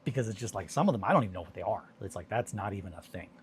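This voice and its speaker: A man's voice: fairly low pitch, animated, rapid-fire, a little hiss or hum. A man chatting casually on a hobby live stream, rambling and joking while he mutters to himself over his work.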